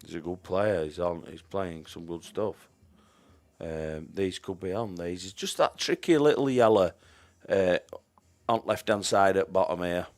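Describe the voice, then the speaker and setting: A man's voice: low-pitched, measured pace, a little mellow. A man giving chatty live-stream commentary on a pool match, greeting viewers by name and trailing off into mumbled asides.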